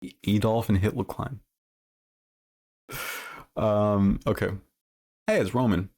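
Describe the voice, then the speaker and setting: A man chats casually on a livestream, his voice sitting a little low. He rambles and circles back with fillers and restarts. He swears freely and bluntly. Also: fairly even intonation, takes it slowly, darkish tone. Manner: rambling, many fillers and self-corrections; blunt and profane. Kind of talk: casual stream commentary.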